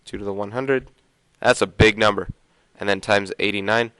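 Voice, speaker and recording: A man's voice: lowish voice, steady tone, moderate pace, fairly bright tone, clear, resonant tone, no room sound, rough recording. A man teaching a casual video math lesson, thinking aloud and sometimes trailing off into mutters.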